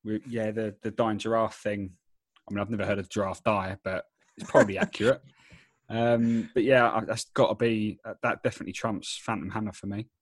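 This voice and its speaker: A man's voice: on the low side, steady tone, a little fast, no room sound. A man co-hosting a fan podcast, hesitant and rambling, with lots of fillers and restarts. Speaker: podcast co-host. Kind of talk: casual podcast chat.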